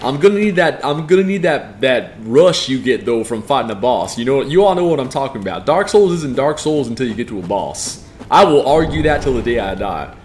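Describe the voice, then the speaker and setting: A man's voice: mid-range voice, big pitch swings, fairly quick, darkish tone, slight background noise. A man with a strained voice giving joking, profane live commentary as he plays a game and reads chat aloud. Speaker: game streamer.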